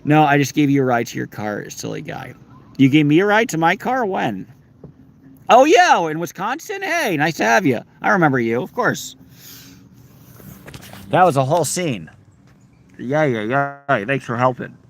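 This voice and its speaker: A man's voice: medium pitch, big pitch swings, moderate pace, creaky, pauses often. Playful man on an outdoor livestream. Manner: playful, sings snatches of songs, reads viewer names aloud. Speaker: livestream host. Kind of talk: casual livestream chat reading comments. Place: outdoors in a park.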